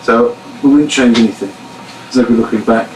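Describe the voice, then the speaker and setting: A man in a band answering fan questions in a casual live chat, steady and explanatory. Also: medium pitch, a little fast. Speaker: band member. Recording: echoey room, distant mic, faint noise.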